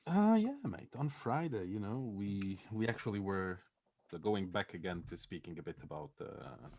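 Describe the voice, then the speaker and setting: Lively, swearing man with a husky voice. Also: on the low side, normal speed. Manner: swearing, animated, laughing often, acting out quotes. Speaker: podcast co-host. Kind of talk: casual comedic storytelling.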